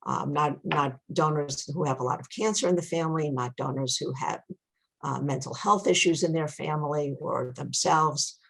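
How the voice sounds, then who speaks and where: A woman's voice: low-pitched, moderate pace, vocal fry, breathy edge. A middle-aged woman with a New York accent, speaking as a guest expert in a webinar in a chatty, candid way with frequent ums. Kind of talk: webinar presentation.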